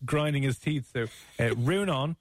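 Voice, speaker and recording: A man's voice: mid-range voice, animated, fast talker, no echo. Teasing Irish radio host, man. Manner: teasing, playful, mock-outraged. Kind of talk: casual radio banter.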